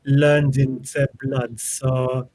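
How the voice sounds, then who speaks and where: A man's voice: mid-range voice, flat delivery, drawn-out words, darkish tone, no room sound. A man voicing a haughty wizard who speaks with formal, menacing politeness. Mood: threatening. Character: haughty, courteous male wizard.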